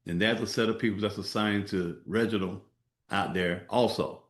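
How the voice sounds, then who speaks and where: A man's voice: lowish voice, steady tone, moderate pace. A man hosting an interview, who asks questions and answers them in a reflective, affirming way. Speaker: interview host. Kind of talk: interview conversation. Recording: echoey room.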